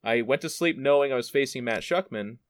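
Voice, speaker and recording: A man speaking as a podcast guest, telling his story in an animated, profane, self-deprecating way. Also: mid-range voice, brisk, no room sound. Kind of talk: casual storytelling.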